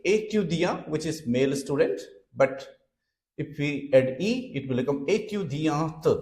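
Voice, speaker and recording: A man teaching beginner French in a slow lecture, explaining each word step by step and spelling some of them out letter by letter. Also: on the high side, darkish tone, reverberant. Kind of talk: classroom lecture.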